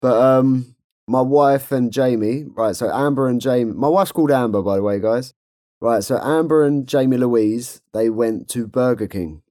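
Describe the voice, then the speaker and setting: A man co-hosting a casual podcast, telling a funny story in an excitable, loud way and laughing often. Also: medium pitch, normal speed. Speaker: podcast co-host.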